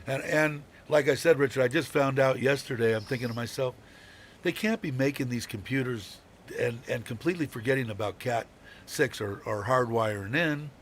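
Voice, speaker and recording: A man's voice: mid-range voice, moderate pace, a little hiss or hum. A man hosting a live stream, chatting casually and rambling, swearing now and then and chuckling often. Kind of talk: casual chat.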